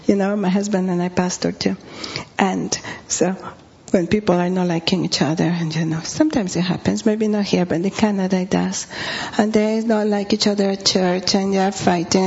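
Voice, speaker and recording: A woman's voice: medium pitch, vocal fry, darkish tone, slightly rough. A woman pastor preaching with humorous, confessional stories, often dropping to a whisper. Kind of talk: sermon storytelling. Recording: dull lo-fi recording.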